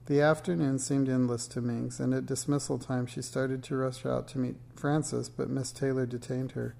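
A man reading a children's book aloud in a steady, measured storytelling way. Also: medium pitch, gravelly. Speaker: narrator.

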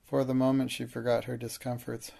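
Man, audiobook narration, gravelly, flat steady delivery. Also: mid-range voice, brisk. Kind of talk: scripted narration.

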